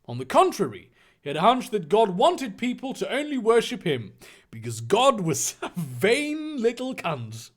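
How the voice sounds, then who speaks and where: A man's voice: high-pitched, wildly swooping pitch, a little slow. A man giving a comedic reading, full of profane, rambling asides. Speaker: comedic reader.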